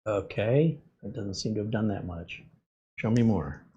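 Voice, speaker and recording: A man's voice: fairly low pitch, measured pace, dark tone, husky, lo-fi sound. A man hosting a tech channel, chatting casually and reading chatbot replies aloud with amused, chuckling asides. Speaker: tech video host.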